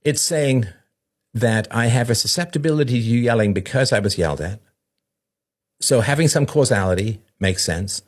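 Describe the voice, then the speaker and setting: A man's voice: medium pitch, expressive, moderate pace. A man hosting a talk show, explaining in a conversational way, often asking "right?" and acting out the voices of the people he quotes. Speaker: podcast host. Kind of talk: explanatory monologue.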